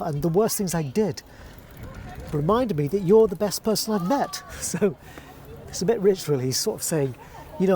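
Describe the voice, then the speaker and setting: A man teaching how to phrase verse, explaining calmly and reading lines aloud slowly and deliberately. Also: high voice. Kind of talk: verse-speaking lesson.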